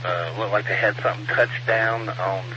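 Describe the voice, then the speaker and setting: A man with a somewhat low voice passes on what he hears from a scanner, rambling a little as he goes. The radio audio is dull and muffled. A clear static hiss sits under his voice. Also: steady tone, normal speed, pushed and bright. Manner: easygoing, rambling. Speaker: ham radio operator relaying scanner traffic.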